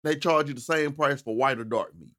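A man's voice: mid-range voice, brisk, pushed and bright. A man in casual chat, playful and teasing. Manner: playful, joke-telling, teasing.

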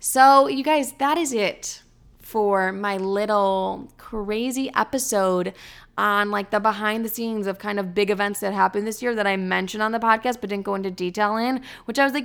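A woman's voice: medium pitch, moderate pace, vocal fry, fairly bright tone, smooth. A woman in her early twenties hosting a casual solo podcast, chatty and blunt, swearing freely and filling her talk with "like". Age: 20s. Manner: chatty, blunt and profane, heavy filler "like". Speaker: podcast host.

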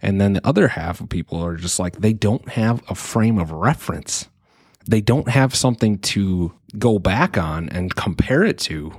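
Low-voiced man musing in a dry room. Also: lively intonation, moderate pace, darkish tone, slightly rough, no echo. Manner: earnest, thinking aloud with restarts. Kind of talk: reflective solo monologue.

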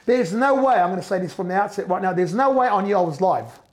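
A middle-aged man telling an emotional first-person story, animated, repeating and restarting as he goes. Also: sits high, quick pace. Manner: animated, repeats and restarts, acts out quoted voices. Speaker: business owner telling his story.

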